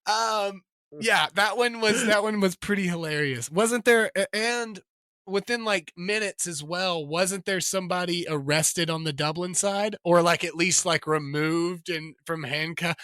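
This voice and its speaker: A man in a relaxed podcast chat, his voice high and bright. He talks in a playful, animated way and laughs a lot. The sound is close and dry. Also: a little slow, dry recording. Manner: jokey, animated, laughs often. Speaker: podcast co-host. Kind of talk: casual chat.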